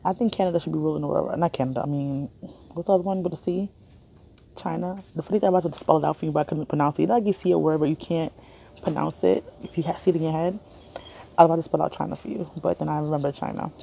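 A woman's voice: deep voice, steady tone, racing, gravelly, mellow, a little hiss or hum. A young woman chatting casually on a phone vlog in a hospital waiting area, rambling and laughing often. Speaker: vlogger. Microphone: phone camera held in hand.

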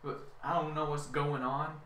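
A man's voice: on the high side, level tone, moderate pace, sharp tone, a little hiss or hum. A young man rambling in a whiny, self-mocking rant, repeating himself as he complains. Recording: echoey room, far from mic.

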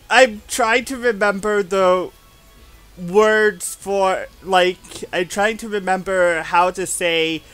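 A man's voice: high voice, a bit bright, clean tone. A man streaming a game from home, rambling and musing aloud in casual chat.

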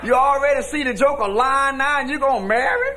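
A man preaching a sermon as pastor, shouting in a folksy preaching cadence. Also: very high voice, brisk, slight background noise. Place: church with congregation.

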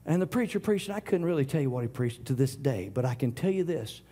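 A middle-aged man preaching a sermon, swinging from loud declarations to hushed whispers. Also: mid-range voice, expressive, quick pace. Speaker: pastor.

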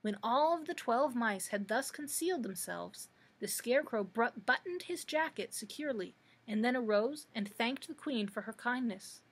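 Female librarian narrator, storybook read-aloud, slightly high, breathy tone. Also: lively intonation, moderate pace, few pauses.

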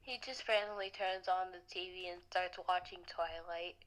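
A young woman in a casual improvised role-play, protesting dramatically at her friend's character. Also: normal speed. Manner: dramatic protests, lively and high-pitched.

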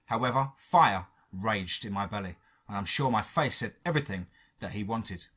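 A man narrating a first-person horror story in a dramatic, measured way. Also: on the low side, expressive, fairly bright tone, slightly rough.

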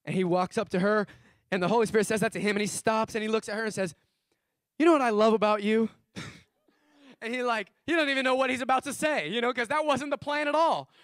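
A pastor with a very high voice tells stories in his sermon, alternating animatedly between soft asides and loud bursts and slowly repeating key phrases for emphasis. It's clean studio sound without any room sound.

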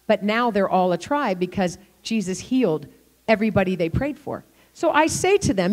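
An older woman preaching in a church, telling a lively story and acting out the people in it. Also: on the high side. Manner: animated, acts out the people in her stories. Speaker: guest preacher. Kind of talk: storytelling sermon.

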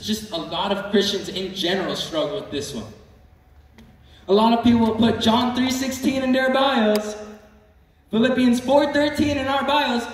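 A man preaching a sermon in an earnest way, often repeating words and asking the congregation questions. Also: sits high. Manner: earnest, repeats himself, asks the crowd questions. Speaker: youth preacher. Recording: echoey hall from far off with music.

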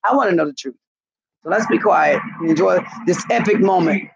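A woman's voice: on the low side, brisk, gravelly, slight background noise. A woman hosting a casual live stream, rambling and gossiping with lots of profanity. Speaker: channel host. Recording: muffled lo-fi recording.

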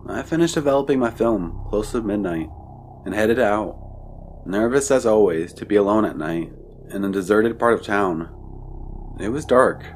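A man narrating a true scary story in the first person with measured, descriptive wording. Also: on the low side, slight background noise.

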